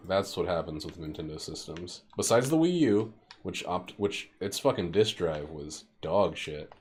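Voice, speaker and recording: A young man rambles through casual commentary while he plays, swearing freely and joking between moves. His voice sits a little low, and soft keyboard clicks come through under the talk. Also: a little hiss or hum. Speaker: game streamer.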